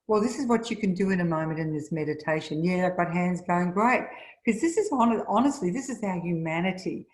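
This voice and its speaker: A middle-aged woman leading a spiritual seminar, telling stories and acting out the people she quotes with rising pitch. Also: brisk, a little mellow. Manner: storytelling, acts out quoted voices with rising pitch. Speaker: seminar leader. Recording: echoey room.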